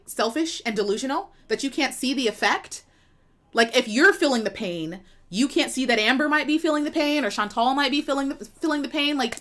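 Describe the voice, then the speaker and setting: A woman's voice: fairly high pitch, fairly bright tone. A young woman streamer giving a sassy, emphatic commentary rant in a casual tone. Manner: sassy, emphatic, laughs and repeats herself.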